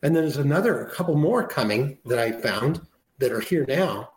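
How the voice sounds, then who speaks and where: Man, talk show co-host, rambling casual chat, mid pitch, echoey room. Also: animated, normal speed. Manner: rambling and conversational, restarts often.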